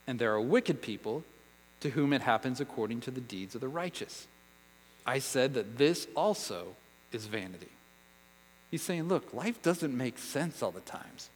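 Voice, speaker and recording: A man preaching a sermon as pastor, earnest and emphatic, dropping to a hush for effect. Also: on the high side. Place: church sanctuary. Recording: hall reverb with mains hum.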